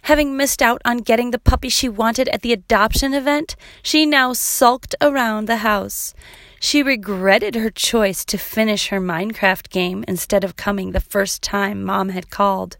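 A woman narrating a children's chapter book, reading clearly and evenly. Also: on the high side, fairly even intonation, normal speed, a bit bright, no echo, studio quality. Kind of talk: storybook read-aloud.

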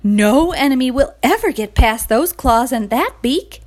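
A woman voicing a flock of admiring hens in a storybook, chattering excitedly. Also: high-pitched, measured pace.

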